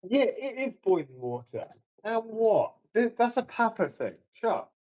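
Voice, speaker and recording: Playful voice-chat friend, joking and profane, with a swinging, animated pitch. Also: measured pace. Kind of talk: casual gaming chat.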